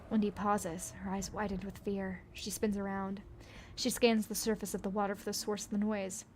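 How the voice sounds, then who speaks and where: A woman's voice: mid-range voice, level tone, moderate pace, darkish tone, a little hiss or hum. A woman reading an interactive story aloud, adding playful joking comments and laughing often. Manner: playful, laughs often, jokes between read passages.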